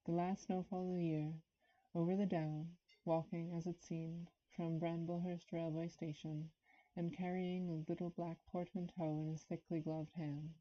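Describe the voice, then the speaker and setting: In dull, lo-fi stream audio, a woman with a fairly low pitch and little pitch movement reads a classic novel aloud at normal speed. She seems a bit nervous and occasionally stops to remark on things and say hello to viewers in chat.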